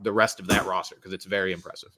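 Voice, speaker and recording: A young man co-hosting a podcast from a friend's home, talking sports casually with quick joking asides. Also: low-pitched, level tone, bright, forceful tone. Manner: chatty, quick asides, self-deprecating humor. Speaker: podcast co-host.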